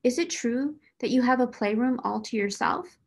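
A woman voicing a timid, slow schoolgirl who asks breathless, wondering questions in a raised, slightly gravelly voice. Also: fairly high pitch, pitched above the performer's own voice. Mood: awed.

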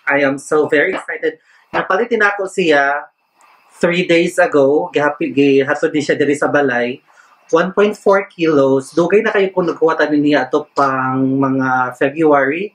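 A man's voice: on the high side, moderate pace, poor audio. A man in his thirties with a Cebuano Filipino accent, hosting a mukbang vlog from home and switching eagerly between English and Cebuano. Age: 30s. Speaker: vlogger.

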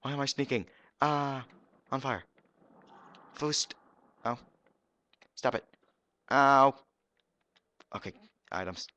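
A young man giving goofy, excitable commentary while streaming a game live. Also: mid-range voice, slow pace, pauses often, dull audio.

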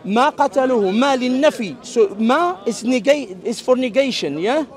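High-voiced man debating outdoors. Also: lively intonation, darkish tone. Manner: explanatory, interrupts, recites Arabic quickly. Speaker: street debater. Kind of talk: open-air religious debate. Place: outdoor public park.

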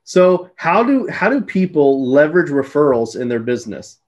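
A man's voice: a little high, sing-song, normal speed, highs cut off. A man hosting a casual podcast conversation, a chatty storyteller who laughs easily. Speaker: podcast host.

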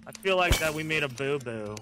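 A young man chatting casually while playing a game, playful and excitable. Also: on the high side, brisk, noisy background. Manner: playful, excitable, says silly things. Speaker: gaming guest.

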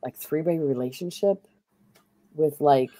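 A woman's voice: low-pitched, a little slow, warm tone, no echo. A woman hosting a stream, telling a long story in a chatty, rambling way full of fillers. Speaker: streamer host. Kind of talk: casual chat while playing a game.

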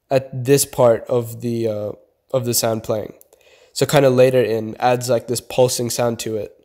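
A chill young beat producer narrates a casual tutorial in a warm, low-key voice, going step by step and a bit rambly with fillers like "kinda" and "like." A beat plays faintly underneath.

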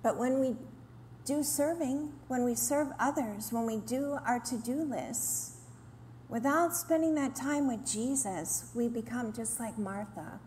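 A woman's voice: on the high side, a little slow, a little hiss or hum. A woman giving a sermon to a women's gathering, earnest and teaching, sometimes acting out complaining voices. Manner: earnest, acts out quoted complaints in lively voices. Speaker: women's ministry speaker. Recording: roomy hall with faint ambience.

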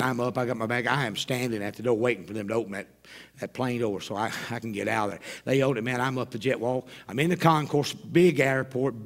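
A man preaching at a revival, telling a story in an animated way with wry, self-mocking humor. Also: medium pitch, gravelly. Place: church sanctuary.

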